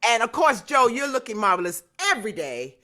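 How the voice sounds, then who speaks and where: A woman's voice: fairly high pitch, big pitch swings, fairly quick, sharp tone. A woman signing off a video call, showering people with "darling" and "marvelous" in an effusive way. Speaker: guest singer. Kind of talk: warm sign-off chat on a video call.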